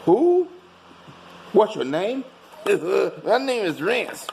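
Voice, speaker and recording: A goofy man clowns through a silly comedy skit with a high, gravelly voice. He drawls slowly, giggling and singing badly between lines. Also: very animated, a little mellow, slight background noise. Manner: giggly, goofy, sings and mugs. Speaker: comedic performer.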